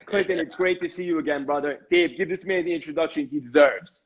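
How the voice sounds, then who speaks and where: A man with a New York accent hosting a casual show, earnest and animated, repeating himself as he talks. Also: a little high, fast talker, background noise. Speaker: show host. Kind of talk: casual podcast chat. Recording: dull lo-fi audio.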